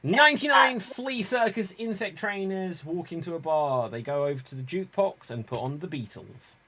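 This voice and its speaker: A man's voice: high voice, expressive, normal speed, pushed and bright. A man hosting an improv pun game, telling jokes and calling on players by name. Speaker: improv host.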